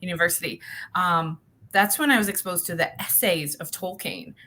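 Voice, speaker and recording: A woman's voice: on the low side, moderate pace, pushed and bright. A woman hosting a podcast, talking conversationally with fillers. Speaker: podcast host. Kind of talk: podcast interview.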